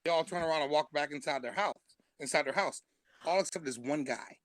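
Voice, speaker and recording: A man's voice: fairly high pitch, brisk, fairly bright tone, no echo. A man, a stand-up comedian, telling a long comic story on a live stream and laughing through his punchlines.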